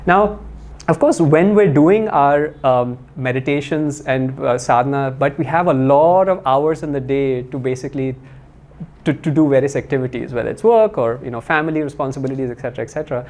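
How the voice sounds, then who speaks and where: A man's voice: medium pitch, brisk, darkish tone. A man giving a spiritual talk, telling stories in a conversational way with many fillers and restarts.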